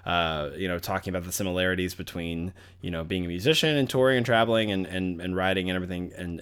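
A man's voice: deep voice, clean tone. A man hosting a podcast, talking in a rambling, joking way full of fillers. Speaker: podcast host. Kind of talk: casual podcast chat.

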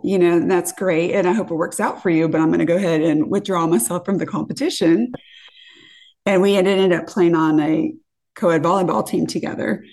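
A woman's voice: lowish voice, warm tone. A woman from California, a podcast guest, telling a dating story casually, acting out quotes and swearing freely.

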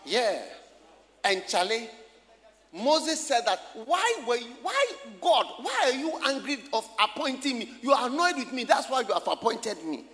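A male pastor gives a sermon from the pulpit in a sing-song, measured way, his unusually high voice bright and forceful. He moves through wide pitch swings, shouting his points and questioning the congregation. Beneath the long reverb of the church hall there is faint room noise.

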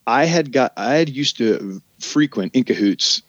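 A man's voice: medium pitch, unhurried, no echo, dull audio. A man casually telling stories from his past jobs, acting out the voices of people he quotes. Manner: animated storyteller who acts out quoted voices. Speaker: guest telling his life story. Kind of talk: casual podcast conversation.

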